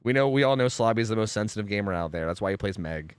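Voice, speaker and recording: A young man chats casually on a game stream, rambling with plenty of fillers and offhand swearing. His voice is lowish, animated, fast and smooth, with no room sound.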